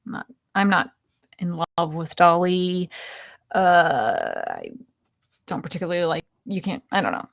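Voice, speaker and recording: A woman's voice: fairly low pitch, creaky. A woman casually walking through an AI image tool on screen, rambling and chatty with lots of fillers and an easy giggle. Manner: giggly, laughs easily. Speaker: video creator demoing an AI image tool. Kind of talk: casual screen-share walkthrough.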